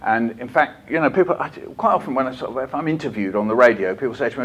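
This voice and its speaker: A man's voice: mid-range voice, very animated, fast, husky. A man speaking to a conference of teachers, telling stories with playful put-on voices and leading the audience in a call-and-response poem. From England. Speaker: children's poet giving a storytelling masterclass. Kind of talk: lively storytelling talk to teachers. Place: conference hall.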